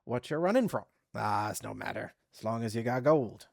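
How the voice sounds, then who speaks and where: A man voicing a drunken, gruff male pirate captain in a game let's play, with slurred, boisterous pirate talk. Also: on the low side, animated, moderate pace, no room sound, clean studio sound.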